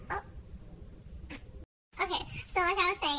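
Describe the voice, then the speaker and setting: A woman's voice: extremely high pitch, fairly even intonation, fast, long pauses, background noise. A young woman ranting bluntly and emphatically into her phone camera for a social media story. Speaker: vlogger.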